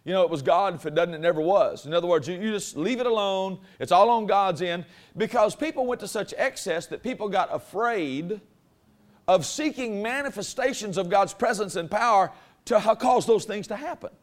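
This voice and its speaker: A man's voice: high-pitched, normal speed. A man preaching a sermon to a congregation in a folksy, conversational way that builds in force. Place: church before a congregation.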